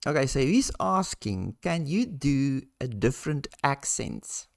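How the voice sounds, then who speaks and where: Gravelly, hesitant channel host. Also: medium pitch, sing-song, unhurried, no echo, clean studio sound. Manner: hesitant, with restarts. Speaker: channel host relaying viewer questions. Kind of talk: casual chat.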